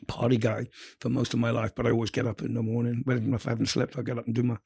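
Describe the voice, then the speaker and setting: Gravelly, fast-talking middle-aged English man. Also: medium pitch. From England. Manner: profane, animated storyteller. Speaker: interview guest. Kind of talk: casual storytelling interview.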